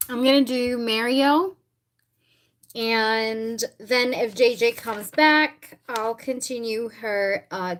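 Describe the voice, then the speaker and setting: A woman hosting a casual live tarot reading, chatting with viewers and often clearing her throat. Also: on the high side, slight background noise, rough recording.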